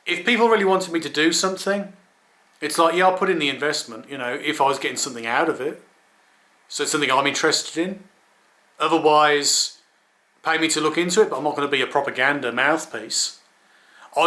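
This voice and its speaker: Blunt English man with a bright edge. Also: fairly high pitch. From England. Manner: wry, blunt, swears, stammering restarts. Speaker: video blogger. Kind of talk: rambling solo monologue. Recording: echoey room.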